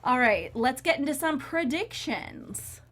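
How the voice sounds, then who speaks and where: Upbeat female panel host with a light, higher voice, leading a casual recap chat. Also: lively intonation, unhurried, very noisy. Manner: upbeat, laughs often.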